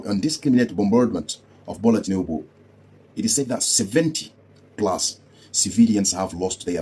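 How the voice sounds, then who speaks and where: A man's voice: on the low side, warm tone, breathy edge. A man from Africa giving heated political commentary, scornful and repeating rhetorical questions.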